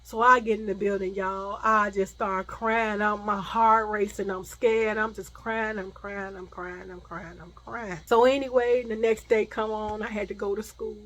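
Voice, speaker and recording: In a casual storytime vlog with a rough recording, a woman tells a story from her own past at medium pitch and normal speed, with few pauses. She is animated, swears freely, acts out the other voices, and drops to a hush for the scary parts.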